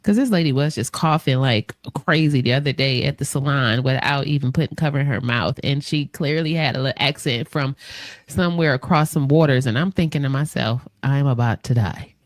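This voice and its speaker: A woman hosting a casual radio talk show, chatty and lively, acting out quotes as she tells stories. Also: very deep voice, fairly quick, no room sound, clean studio sound. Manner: chatty, animated storyteller, acts out quotes. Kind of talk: casual chat interview.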